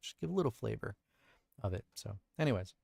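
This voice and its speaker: A man's voice: fairly low pitch, lively intonation, fast talker, creaky, a little mellow, husky, dry recording. A male voice actor chatting casually on a livestream, explaining his editing and thinking aloud from his recording booth. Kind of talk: casual livestream chat about audio editing.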